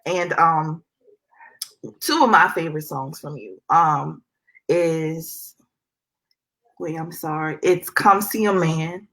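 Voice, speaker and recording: A woman hosting an interview, admiring and unhurried as she introduces her guest. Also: deep voice, a bit bright, poor audio. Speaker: interview host. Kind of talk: casual interview.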